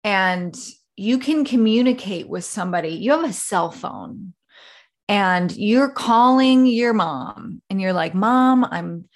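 A woman's voice: mid-range voice, lively intonation, slow pace. Chatty woman podcast host. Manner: chatty, rambling, with many fillers and acted-out examples. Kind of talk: casual solo podcast talk.

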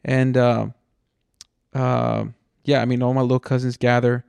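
A man's voice: mid-range voice, completely flat delivery, measured pace, vocal fry, a little mellow, smooth, no room sound. A man from Mexico, a podcast host, telling a rambling story in casual chat, swearing and saying "dude" a lot. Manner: rambling and profane, says "dude" often.

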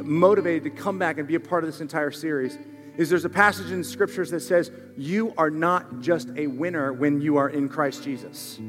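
A man preaching a sermon as a pastor, swinging from soft, low passages to loud, rising ones. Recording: reverberant hall with faint music.

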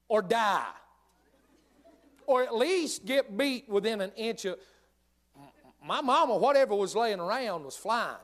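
High-voiced preacher. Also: male voice. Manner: animated, humorous storytelling. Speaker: pastor. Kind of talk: sermon.

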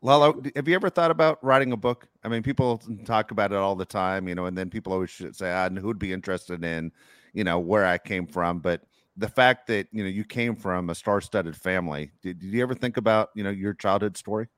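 A man co-hosting a podcast, asking casual questions with halting restarts. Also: lowish voice, fairly bright tone, no echo, studio quality.

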